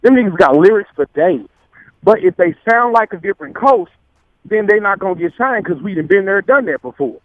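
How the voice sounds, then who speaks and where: Male caller with a St. Louis accent: high voice, earnest and emphatic, on a dull, muffled line. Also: expressive, a little fast, no room sound. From St. Louis, US Midwest. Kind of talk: call-in opinion.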